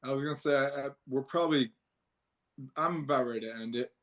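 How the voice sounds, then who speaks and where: A co-host in a casual movie discussion podcast who speaks haltingly, searching for words. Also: mid-range voice, fairly bright tone.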